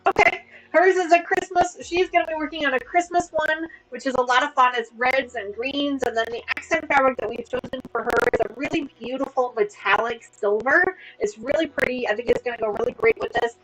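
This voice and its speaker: A woman's voice: high voice, brisk, few pauses, noisy background. A woman in her thirties hosting a casual sewing livestream from home, chatty and upbeat as she explains her work. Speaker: livestream host.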